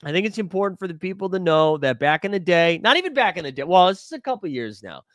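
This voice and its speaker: A young man hosts a casual live stream and rambles in an easy, joking way to his chat. His voice sits a little high and swings up and down with energy. The sound is dry and close to the mic. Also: big pitch swings, fast talker, a bit bright, dry recording. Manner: rambling, jokey, talks to chat while searching. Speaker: livestream host.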